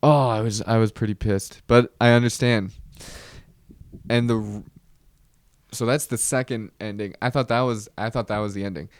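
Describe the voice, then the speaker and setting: A young man hosting a podcast, telling a comedic story with animated, exasperated outbursts. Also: on the low side, normal speed, long pauses, no room sound. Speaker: podcast host.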